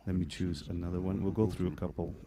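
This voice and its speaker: A man's voice: sits low, little pitch movement, fast, heavy background noise. A man casually demonstrating a vocal effects unit on a livestream, thinking aloud and chuckling as he tweaks settings in his home studio. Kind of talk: casual livestream demo chat. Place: home studio with an equipment rack. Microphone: desk microphone.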